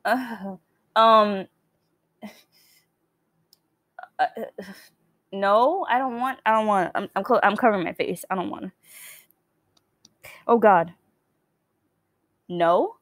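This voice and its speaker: A woman's voice: medium pitch, slow, long pauses, fairly bright tone, dry recording. A young woman reacting to a horror game, scared and shaking, stammering, swearing and gasping. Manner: jittery, stammering, swears, gasps and yelps in fright. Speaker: gaming video creator.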